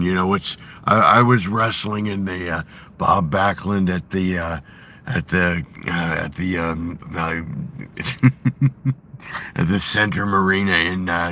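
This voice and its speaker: Brief: man impersonating a slow, deep, gruff older tough guy, deadpan rambling tangents, bright edge. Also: a little hiss or hum. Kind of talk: comic impression.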